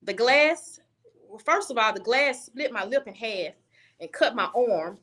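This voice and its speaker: A woman's voice: on the high side, lively intonation, a little slow, a bit bright. A young woman guest on a video call, telling a personal story candidly and bluntly, often restarting her sentences.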